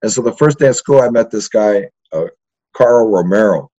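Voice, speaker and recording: A man's voice: fairly low pitch, moderate pace. An older man, a history professor, telling profane stories from his youth in a casual interview, with constant "right?" tags. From East Los Angeles. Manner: profane, animated, keeps adding "right?". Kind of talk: casual storytelling. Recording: dull lo-fi sound.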